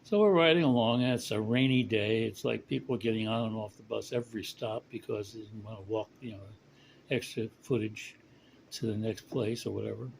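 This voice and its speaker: A man casually telling a long joke, rambling with fillers and slowing down for punchlines. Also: fairly low pitch, creaky, a little hiss or hum, rough recording. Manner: rambling, chuckling, slows for punchlines. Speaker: storyteller.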